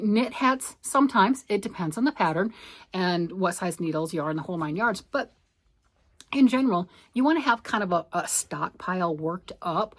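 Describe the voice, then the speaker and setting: Chatty woman rambling over her yarn. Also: mid-range voice. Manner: chatty, rambling, talks to herself while sorting. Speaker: knitting and crochet vlogger. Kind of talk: casual craft vlog chat.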